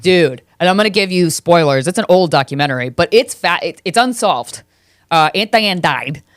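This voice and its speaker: A woman's voice: on the low side, animated, normal speed, dry recording, studio quality. A woman in her thirties hosting a podcast, telling stories in a casual, chatty way, swearing freely and laughing often. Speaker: podcast host. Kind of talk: casual comedic monologue.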